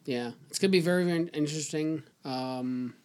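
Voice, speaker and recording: A man's voice: a little high, fairly quick, a little mellow. A man from Canada co-hosting a podcast, bantering casually about politics with frequent swearing and jokes. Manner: profane, joking banter. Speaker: podcast co-host.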